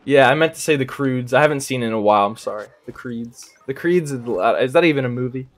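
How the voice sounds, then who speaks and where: A man's voice: medium pitch, quick pace. A young man streaming a game live, chatting casually and rambling, calling everyone "bro". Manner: rambling, slangy, says "bro" constantly, laughs often. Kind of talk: casual live gameplay chat.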